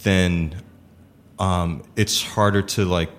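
A man in casual conversation about improv performance, talking in a halting way with many fillers and restarts. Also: deep voice, steady tone.

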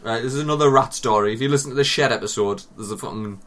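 A man with a Northeast English accent, co-hosting a podcast in casual chat, sweary and animated as he tells stories. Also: mid-range voice, racing. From northeast England. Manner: sweary, animated storytelling with mock voices. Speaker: podcast co-host.

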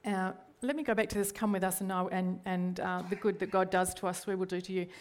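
A middle-aged Australian woman preaches a sermon as a church leader. Her voice sits at an ordinary pitch for a woman, and she speaks earnestly. She often checks in with the congregation through rhetorical questions. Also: little pitch movement, a little fast, slight background noise.

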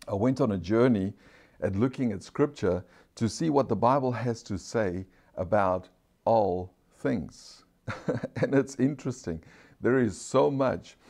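A pastor with an accent preaching a sermon, slowing right down to stress key phrases, calling out for amens and putting questions to the congregation. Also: male voice, lowish voice, darkish tone. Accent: non-standard English accent.

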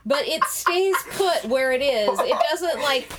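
A fairly high-voiced woman in a casual chat, sounding fed up and cutting as she tears a film apart. Her sarcasm is dry, with a faint hiss of noise behind her. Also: lively intonation, a little slow. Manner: exasperated, scathing, sarcastic. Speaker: movie reviewer.

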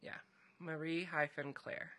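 A man co-hosts a casual podcast, retelling a fantasy tale in a loose, rambling way full of fillers. His voice sounds bright and forward on a close studio mic. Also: fairly high pitch, flat delivery, unhurried. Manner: rambling storyteller, many fillers. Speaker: podcast co-host recapping a story. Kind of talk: casual chat.

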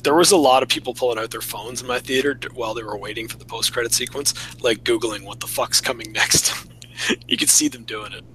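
A man with a bright, crisp-edged voice muses thoughtfully in casual talk, picking apart ideas and chuckling now and then. Faint noise hums underneath. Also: mid-range voice, fast, rough recording. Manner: reflective, analytical, chuckling. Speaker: podcast co-host. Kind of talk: casual chat.

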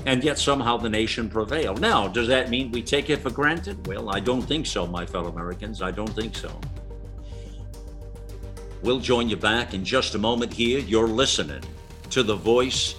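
Rambling low-voiced talk radio man. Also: expressive, moderate pace, a bit bright, faint music behind. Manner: rambling, earnest, with many restarts and fillers.

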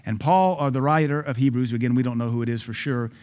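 A man's voice: medium pitch, quick pace, a little mellow. Emphatic preaching man. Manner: emphatic preaching with repeated phrases. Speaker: pastor. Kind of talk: sermon. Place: church service.

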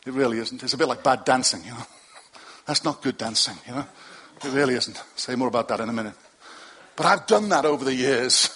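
A man's voice: medium pitch, fairly quick, fairly bright tone, slightly rough. A middle-aged male pastor preaching to his congregation in a loose, conversational way, with asides and self-deprecating jokes. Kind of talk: sermon. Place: church hall with a congregation.

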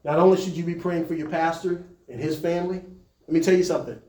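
A man's voice: on the high side, steady tone, fast, warm tone, echoey room. A man preaching to church leaders in a conversational style, climbing to emphatic peaks. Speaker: pastor.

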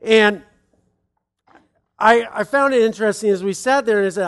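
A man in his thirties preaching in a relaxed, conversational way, rambling with many restarts and asides. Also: high-pitched, moderate pace, pauses often. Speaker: pastor. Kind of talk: conversational sermon.

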